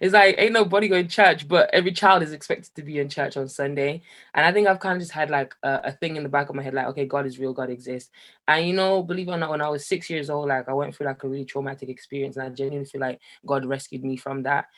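A young man from Jamaica, telling his personal story as an interview guest, animated and laughing often. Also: medium pitch, quick pace. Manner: animated, laughs often, voice rises when excited. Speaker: guest, musician.

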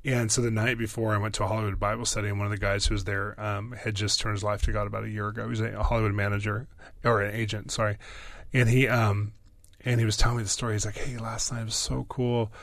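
Low-voiced excitable man telling stories. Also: no room sound. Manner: excitable, fast bursts, many fillers. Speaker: interview guest, pastor. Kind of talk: animated storytelling.

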